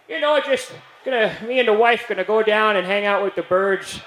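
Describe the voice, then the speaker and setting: A man on a comedy stage voicing a doddering, playfully spooky old man in a nursing home, in a high, wavering, gleeful voice. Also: animated, moderate pace, a bit bright. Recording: roomy live club sound.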